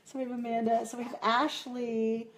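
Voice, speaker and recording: A woman's voice: fairly high pitch, little pitch movement, normal speed, slight background noise. A woman giving a live-streamed tarot reading, chatty and reassuring, laughing often as she talks to viewers. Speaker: tarot reader.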